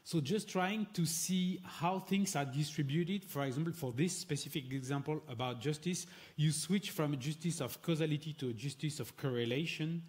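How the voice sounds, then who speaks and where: A man's voice: on the high side, a little mellow. French-accented man, hesitant panel guest. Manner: measured, hesitant, many fillers. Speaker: panel guest, Dominican friar. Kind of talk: panel discussion.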